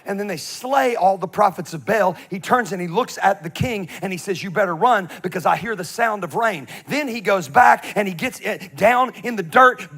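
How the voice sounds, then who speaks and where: High-voiced, animated male preacher. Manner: humorous, animated storytelling; swings from loud emphasis to quiet asides. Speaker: pastor. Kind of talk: sermon.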